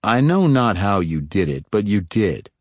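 A man narrating a fantasy story, voicing a sly, probing male dark elf rogue in his own low voice. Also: sing-song, a little slow, dry recording. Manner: probing, slyly teasing.

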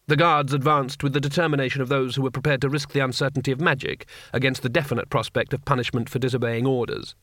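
A man narrating a comic fantasy audiobook with measured, wry timing. His voice sits at a middle pitch. The recording is dry and close. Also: flat delivery, fairly bright tone, dry recording. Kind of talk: audiobook reading.

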